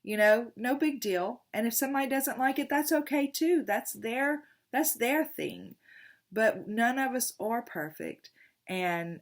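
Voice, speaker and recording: A woman's voice: fairly high pitch, animated, measured pace. An older woman chats with her viewers as a tarot reader. She rambles in a loose, affectionate way and restarts her sentences often. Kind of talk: casual chat to viewers.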